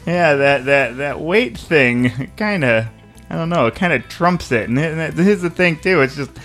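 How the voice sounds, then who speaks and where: A man's voice: a little high, lively intonation, a little slow, fairly bright tone, soft background music. A young man hosting a podcast, chatting casually, rambling through stories and laughing often. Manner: laid-back, laughs often, rambling storytelling. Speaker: podcast host. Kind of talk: casual banter.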